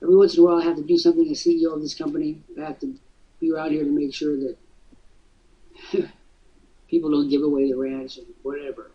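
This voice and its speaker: Teasing, high-pitched husky male host. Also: level tone, quick pace, long pauses, mellow, distant mic, dull audio. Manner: jokey, teasing, breaks into mock voices. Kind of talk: casual coaching talk.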